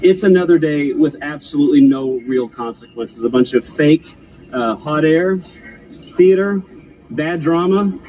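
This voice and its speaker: A man's voice: on the high side, measured pace, mellow, low-quality recording. Indignant man giving a firm statement. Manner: indignant, listing points firmly. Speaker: political commentator in a played clip. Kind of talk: prepared spoken statement.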